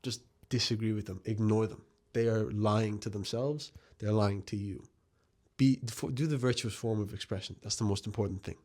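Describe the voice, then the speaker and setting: A man's voice: lowish voice, fairly even intonation, normal speed, darkish tone. Earnest young man musing on the mind. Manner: earnest, reflective, direct advice to viewers. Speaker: video essayist. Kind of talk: casual spoken essay to camera.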